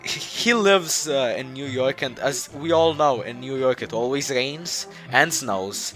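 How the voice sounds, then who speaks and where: A man jokingly presents his game project, chuckling frequently and rambling offhandedly with fillers and false starts. He speaks at a measured pace in a mid-range, slightly bright voice, with soft music playing in the background.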